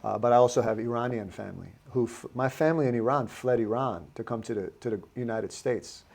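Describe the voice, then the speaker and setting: A man hosting an interview in a casual way, with halting starts and fillers like "you know". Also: mid-range voice, gravelly, a little mellow. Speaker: host.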